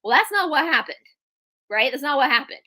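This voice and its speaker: A woman's voice: high voice, animated, brisk, pushed and bright. A woman with a Southern US accent, a guest historian giving her opinions in a chatty, casual livestream conversation. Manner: opinionated, chatty, restarts often.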